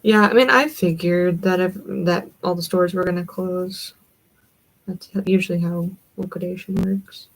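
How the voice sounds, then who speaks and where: A young Southern woman hosts a livestream, rambling casually as she answers her viewers' comments. Her voice sits low and carries a gravelly fry. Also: fairly even intonation, normal speed, low-quality recording. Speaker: livestream host.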